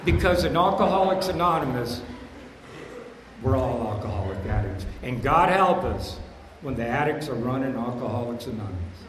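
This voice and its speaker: A man in his sixties telling his recovery story at a meeting, rambling and repeating himself in blunt, streetwise talk, getting louder and higher on his punchlines. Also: lively intonation, normal speed. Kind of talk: personal recovery share. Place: meeting hall. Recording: echoey hall with room hum.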